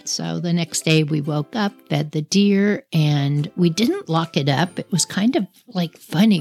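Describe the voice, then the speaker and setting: A woman tells a childhood story in a chatty, animated, casual manner. Her voice sits on the low side and has a gravelly texture.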